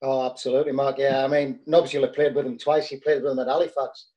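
A man's voice: medium pitch, little pitch movement, quick pace, dark tone, rough recording. A man chatting in an easygoing way about old teammates. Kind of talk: casual chat.

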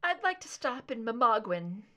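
A woman reading a story plays an older mother with a soft, weary, wistful way of speaking. Her lines rise and fall with lively intonation, turning gently teasing, in a storybook reading. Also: on the high side, normal speed. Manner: soft, wistful, tired yet warm.

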